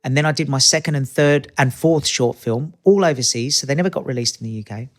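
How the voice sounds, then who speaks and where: A man's voice: mid-range voice, quick pace. A man in his fifties with an Australian accent, chatting as a guest in an interview and acting out voices in his stories. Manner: animated, acts out quoted voices in anecdotes. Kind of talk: casual interview chat.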